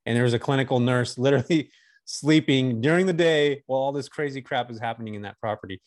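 A man's voice: mid-range voice, quick pace. A man in his forties from Northern California, a guest on a casual podcast, telling long stories with easy laughs. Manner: chatty storyteller, laughs easily.

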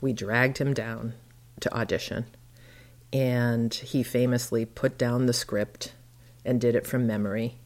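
A woman's voice: a bass voice, flat delivery, a little slow, darkish tone. A woman remembering her late father in a recorded interview, fond and laughing often.

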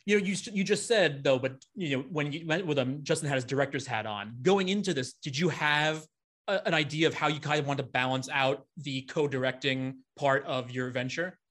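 Higher-voiced male interviewer. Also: fairly quick, fairly bright tone. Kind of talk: casual interview chat.

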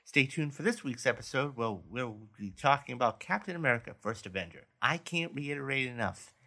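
Bright-voiced man hosting a podcast. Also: medium pitch, animated, fairly quick, creaky. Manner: reads news stories aloud, then chats. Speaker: podcast host. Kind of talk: casual podcast roundup.

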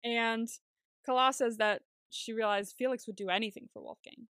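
A woman co-hosting a casual TV recap podcast, chatty and quick to swear and laugh. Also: a little high, fairly bright tone, smooth, no room sound, studio quality. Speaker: podcast co-host.

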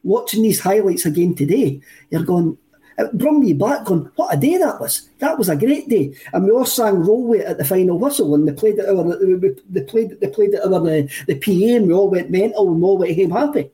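A man's voice: high voice, lively intonation, fairly quick, mellow, low-quality recording. A Scottish man co-hosting a football podcast in casual chat, enthusiastic and rambling, often repeating himself. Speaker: podcast co-host.

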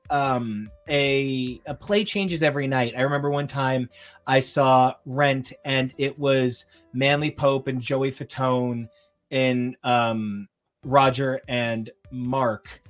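A man's voice: medium pitch, slow pace, soft background music. A young man in casual chat on a podcast, rambling through a story and acting out the voices of the people in it. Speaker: podcast co-host.

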